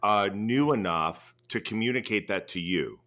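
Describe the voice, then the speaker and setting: Low, bright-voiced co-host, agreeable, quick to back the host up. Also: animated. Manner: supportive, agreeable backchannelling. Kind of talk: casual podcast chat.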